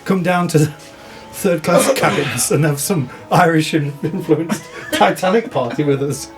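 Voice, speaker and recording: A man's voice: fairly high pitch, unhurried. A man voicing a friendly working-class townsman who is proud of his community and sizes up strangers in a chatty, welcoming way, in a tabletop game with music behind. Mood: inviting. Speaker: non-player character. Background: background music.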